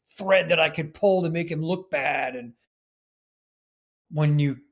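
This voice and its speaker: A man's voice: a little high, slow pace. A man speaking as a guest in an interview, in an earnest, emphatic way. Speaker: podcast guest. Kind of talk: casual interview chat.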